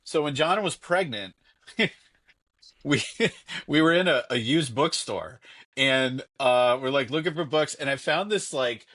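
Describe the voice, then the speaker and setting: Rambling dad telling home stories. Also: male voice, mid-range voice, lively intonation, measured pace, a bit bright. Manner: rambling, filler-heavy anecdotes. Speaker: guest, father. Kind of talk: casual storytelling. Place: home basement.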